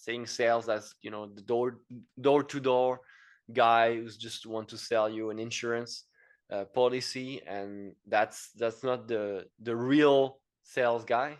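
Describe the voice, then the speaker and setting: French man chatting in English with lots of fillers. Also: mid-range voice. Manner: rambling, many fillers and repeated words. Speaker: podcast guest, engineer and entrepreneur. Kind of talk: casual interview chat.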